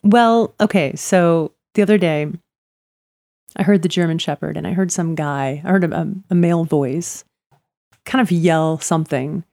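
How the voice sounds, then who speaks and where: A woman's voice: deep voice, normal speed, mellow, no echo, studio quality. A woman chatting casually, telling stories about her neighbors, acting out their lines and laughing often. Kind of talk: casual chat.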